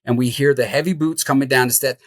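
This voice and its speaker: A middle-aged man telling a story as an interview guest, animated and laughing as he goes. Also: medium pitch, fast, dry recording. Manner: animated, laughs through the tale. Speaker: podcast guest, house flipper.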